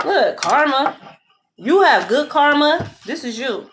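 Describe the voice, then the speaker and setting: Woman tarot reader, high voice, sassy and profane, faint hiss behind. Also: moderate pace. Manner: blunt, profane, sassy and animated; repeats "okay?" often. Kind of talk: casual tarot reading.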